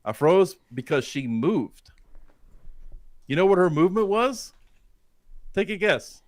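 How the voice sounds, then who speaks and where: A man's voice: high voice, big pitch swings, takes it slowly, no echo, studio quality. A man co-hosting a podcast, telling a creepy first-person story with lots of swearing and questions to the listeners to build suspense. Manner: suspenseful, profane, asks the audience questions. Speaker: podcast co-host. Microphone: studio dynamic mic.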